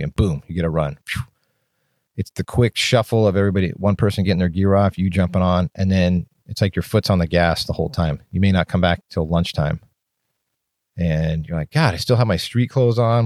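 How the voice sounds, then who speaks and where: A man with a low, deep voice talks straight to the listener in a solo podcast. He is blunt and candid and swears casually as he rambles through his thoughts. The recording is dry and close. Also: darkish tone, no room sound. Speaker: podcast host and firefighter.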